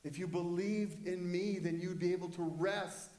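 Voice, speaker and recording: A man voicing a calm, commanding male teacher who speaks in a hushed, soothing way. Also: high-pitched, normal speed, roomy sound, natural voice. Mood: gentle challenge.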